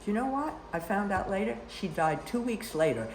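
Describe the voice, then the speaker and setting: An older woman, a guest storyteller, shares long, rambling personal stories in casual conversation, sprinkling in plenty of "you know" asides. Her mid-range voice is animated and fairly quick. There's background noise and a roomy echo.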